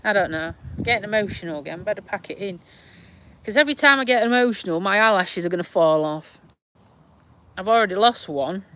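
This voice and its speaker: With slight background noise, a middle-aged vlogger from Lincolnshire, England talks in an expressive, a bit bright, mid-range voice carrying a South Yorkshire twang. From her back garden she livestreams casually, slowly rambling and sighing while addressing viewers' comments.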